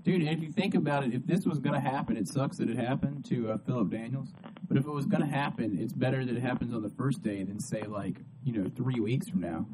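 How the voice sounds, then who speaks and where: Laid-back man over loud crowd. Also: medium pitch, quick pace, low-quality recording. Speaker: sports talk co-host. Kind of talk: casual sports chat.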